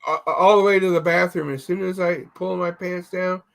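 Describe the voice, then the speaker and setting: Man, casual podcast chat, rambling storyteller, repeats words, slightly high voice. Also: steady tone, normal speed, gravelly, noisy background. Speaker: podcast co-host.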